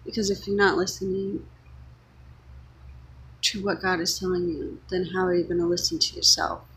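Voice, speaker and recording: A woman's voice: on the low side, fairly even intonation, moderate pace, fairly bright tone, a little hiss or hum, low-quality recording. A woman giving an earnest, unscripted spiritual monologue, speaking her thoughts as they come to her. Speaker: vlogger sharing spiritual reflections.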